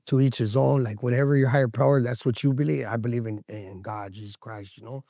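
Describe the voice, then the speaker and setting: Gravelly-voiced man telling his story. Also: mid-range voice, fairly even intonation, fast, warm tone, no echo. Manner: slangy, emotional, swears often, acts out voices. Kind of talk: candid storytelling to camera. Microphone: camera interview setup.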